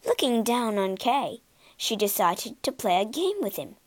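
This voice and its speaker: A woman reading a storybook aloud in a slow, clear, expressive narration. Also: mid-range voice, no echo. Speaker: storybook reader.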